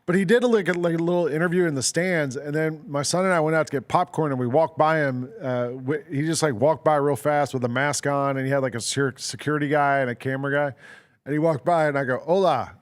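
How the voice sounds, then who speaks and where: A man's voice: a little high, fast. A man co-hosting a casual sports talk show, telling stories in a rambling way with lots of "like" and "um" fillers. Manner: amused storyteller. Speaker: sports radio co-host.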